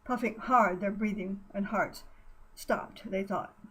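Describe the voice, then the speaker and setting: A woman narrating an adventure storybook at a middling pitch. Her reading is expressive but sometimes stumbles over words and corrects itself. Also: slow pace, a little hiss or hum, poor audio.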